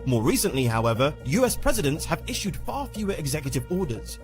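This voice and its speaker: A man's voice: on the high side, fast talker. Polished male narrator with faint music behind him. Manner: even, polished script reading. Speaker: news explainer narrator. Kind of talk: scripted narration.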